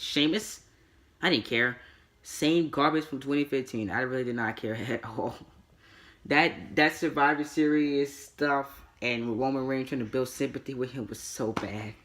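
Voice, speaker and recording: A man's voice: mid-range voice, normal speed, a bit bright. A man reviewing a wrestling show in a casual solo vlog, rambling and opinionated, repeating his words and chuckling often.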